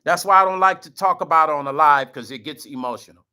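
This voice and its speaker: A man's voice: on the high side, quick pace, pushed and bright, clean tone. A middle-aged man vlogging, earnest and close to tears, repeating himself and speaking straight to his viewers. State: choked up, near tears. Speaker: vlog host. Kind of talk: emotional direct-to-camera talk.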